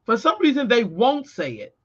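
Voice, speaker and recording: A woman's voice: a little high, wildly swooping pitch, normal speed, fairly bright tone, dull audio. A woman co-hosting a podcast in casual chat, talking bluntly and emphatically with plenty of profanity. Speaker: podcast co-host.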